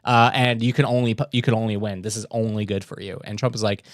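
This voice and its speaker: A man's voice: fairly low pitch, little pitch movement, fairly quick, dry recording, clean studio sound. Sarcastic man hosting a livestream. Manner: sarcastic, mocking, reads posts aloud with commentary. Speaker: livestream host. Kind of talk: casual political commentary.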